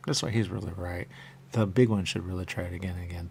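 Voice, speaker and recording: A man hosting a radio talk show in rambling casual chat, often jumping into quick high voices to act out what people say. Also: gravelly, darkish tone, a little hiss or hum. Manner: rambling, acts out quick high-pitched quoted voices, repeats "there you go".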